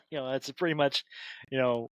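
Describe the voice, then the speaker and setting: A man co-hosting a hobby podcast who muses aloud and pauses to find his words. His mid-pitched voice sounds close and dry. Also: fairly bright tone, no echo. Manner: halting, thinking aloud. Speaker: podcast co-host. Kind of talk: casual chat.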